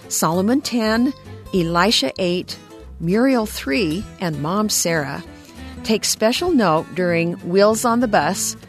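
A woman announcing a radio show, reading scripted links in a clear, even way. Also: mid-range voice. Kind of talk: scripted narration.

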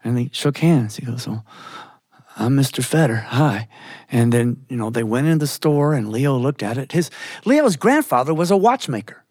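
A man from Georgia, telling a story in an animated way with chuckling asides. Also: medium pitch, moderate pace, dry recording, studio quality. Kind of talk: storytelling performance.

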